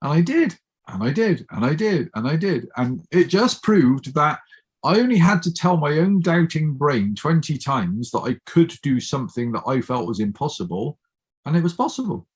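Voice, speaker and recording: A man's voice: fairly high pitch, moderate pace, slightly rough. A middle-aged man telling a personal story as a chat-show guest, acting out the voices of the people he quotes. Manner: lively storyteller who acts out quoted speech. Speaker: guest speaker.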